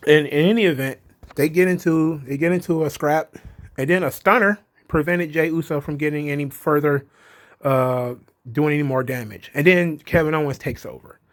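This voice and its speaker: A man's voice: on the high side, normal speed. A man with a slightly raised voice talks through a wrestling episode in a loose, chatty way. He swears freely and slips into quoted lines from the people he describes. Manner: chatty, profane, retells scenes with quoted voices. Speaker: wrestling recap host. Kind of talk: casual show recap.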